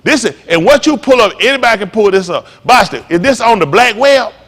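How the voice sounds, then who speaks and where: High, animated, blunt male preacher. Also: brisk. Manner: blunt, profane, mocking; heated preaching. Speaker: pastor. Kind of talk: sermon.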